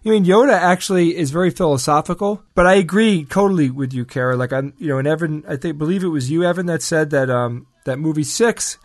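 A man's voice: on the high side, fast talker, hardly any pauses, no room sound, studio quality. A man co-hosting a podcast, chatting in a rambling, agreeable way. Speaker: podcast co-host. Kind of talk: casual chat.

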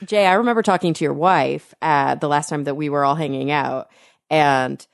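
Low gravelly-voiced woman chatting. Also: moderate pace, no room sound, studio quality. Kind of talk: casual podcast chat.

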